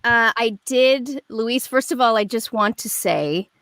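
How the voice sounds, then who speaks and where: A woman's voice: a little high, unhurried, clear, resonant tone, dry recording. Chatty, rambling woman on a video call. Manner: animated storyteller, rambling with many fillers. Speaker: guest performer. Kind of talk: casual chat.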